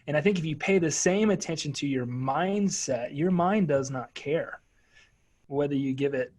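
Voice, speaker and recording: Earnest male guest, raised pitch, sincere and emphatic. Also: moderate pace, a little mellow. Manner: earnest, emphatic, repeats words. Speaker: entrepreneur guest. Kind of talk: interview answers.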